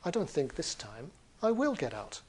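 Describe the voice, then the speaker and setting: Man doing a calm, polite Buddha. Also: fairly high pitch, moderate pace, slightly rough, heavily acted. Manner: mild and unruffled.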